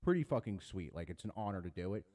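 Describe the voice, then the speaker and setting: Young man, deep and dark-toned, loose swearing podcast storyteller. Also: big pitch swings, quick pace. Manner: rambling storyteller, swears, acts out quotes. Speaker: podcast co-host. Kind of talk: casual chat.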